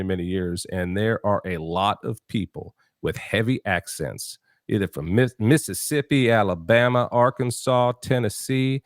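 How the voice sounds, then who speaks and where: A man's voice: fairly low pitch, no room sound, clean studio sound. A man hosting a political talk show, emphatic and preachy, full of restarts and rhetorical questions. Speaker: show host.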